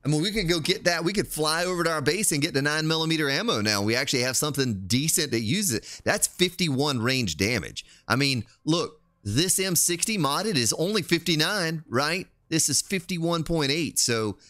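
A man's voice: on the high side, expressive, normal speed, hardly any pauses, pushed and bright, no echo. A man streaming a game, chatting casually and thinking aloud as he plays. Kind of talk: casual gameplay commentary.

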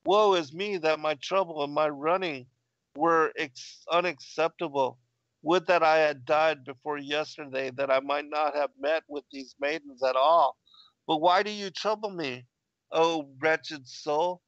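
A man reading the lines of a grieving male donkey driver in a plain, measured way. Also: fairly high pitch, a bit bright, no echo, highs cut off.

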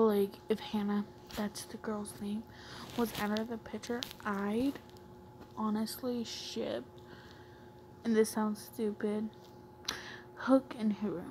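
A woman's voice: medium pitch, background noise. Rambling woman vlogger, many fillers. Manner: rambling, filler-heavy, often half-whispered. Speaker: YouTuber. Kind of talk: casual comic-reading vlog.

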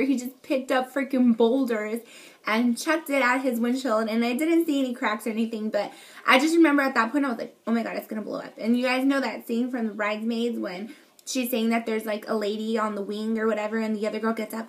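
Young woman vlogger, slightly high voice, excitable, rambling casual storytelling. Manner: chatty, excitable, lots of fillers and swearing. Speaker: beauty vlogger.

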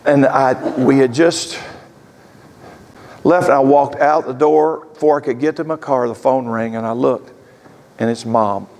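A man's voice: mid-range voice, steady tone, measured pace, darkish tone, a little hiss or hum. An older man in his sixties, a pastor preaching a sermon as an earnest storyteller. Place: church sanctuary. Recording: echoey church hall.

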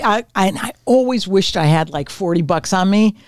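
A woman in her sixties, a retired comedian and podcast guest, telling stories in a brash, profane, animated way. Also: mid-range voice, a little fast. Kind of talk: casual storytelling. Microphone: podcast mic on camera.

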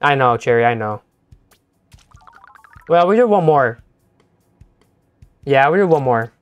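A young man streaming a game live, talking to his teammates and chat in an excitable, stammering way that repeats itself. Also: medium pitch, unhurried, clean tone, no room sound, lo-fi sound, soft background music. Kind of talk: live gameplay commentary.

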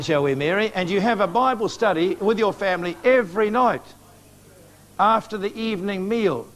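A man with a New Zealand accent preaching a sermon to a congregation, urging them earnestly and appealing to them directly. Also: high-pitched. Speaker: evangelist preacher. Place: church meeting before a live congregation.

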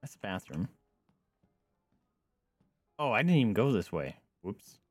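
A man streaming a game, joking and reacting with animated asides as he plays. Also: lowish voice, measured pace, husky, dry recording, clean studio sound, faint music behind. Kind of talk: live gameplay commentary.

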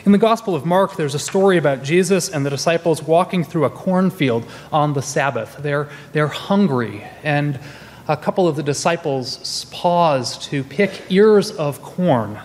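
A man in his forties, serving as a minister, preaches in a church sanctuary at a moderate pace, his voice on the high side with lively intonation. His storytelling is conversational and full of restarts, ringing out with the long reverb of a large hall.

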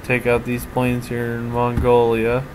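A man's voice: mid-range voice, monotone, a little slow. Man musing over a strategy game. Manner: thinking aloud, hesitant with restarts. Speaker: let's play commentator. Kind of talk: casual strategy game commentary. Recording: audible background noise.

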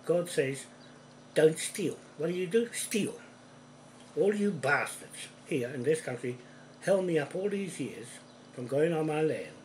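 A man giving an angry, profane monologue to camera from a room at home, accusing people directly and growing louder when heated. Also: medium pitch, slight background noise, low-quality recording. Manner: forceful, ramps up in volume when heated. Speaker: video ranter.

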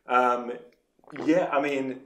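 A man's voice: mid-range voice, fairly even intonation, slow, bright, forceful tone, reverberant. A man, a filmmaker guest, chatting in a podcast interview, rambling and enthusiastic with easy laughter, recorded in his studio space. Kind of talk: casual interview chat.

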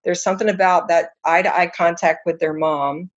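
A woman's voice: on the low side, fairly even intonation, moderate pace, highs cut off. A woman counselor, a guest, explaining in an earnest, conversational way and telling examples with animation.

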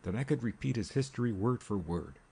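A man doing a small, fact-obsessed investigator in a read-aloud mystery, blunt and emphatic. His delivery is direct and sure. The voice sits low and husky. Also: lively intonation, brisk, warm tone, exaggerated voice.

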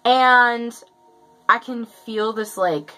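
A woman's voice: on the high side, very slow, bright, forceful tone, soft background music, rough recording. A young woman chatting through a story for her vlog, casual and profane, full of fillers. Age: young adult. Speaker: vlogger.

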